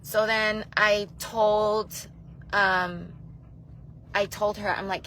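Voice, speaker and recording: A woman's voice: mid-range voice, flat delivery, very slow, fairly bright tone, a little hiss or hum. A woman vlogger telling a personal story to her viewers in a rambling, emotional way, tearful at times, with many restarts.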